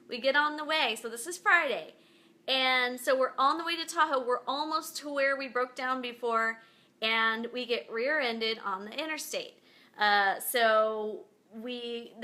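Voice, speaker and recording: A woman's voice: high voice, bright, forceful tone. A woman hosting her own show, chatting casually to viewers from home and rambling through stories with lots of fillers. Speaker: podcast host. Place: at home beside her bed.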